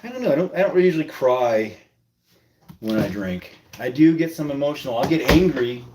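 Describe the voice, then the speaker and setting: A man's voice: mid-range voice, animated, normal speed, a little mellow. Man, live stream host, casual chat, playful teasing, rambling, faint hiss behind.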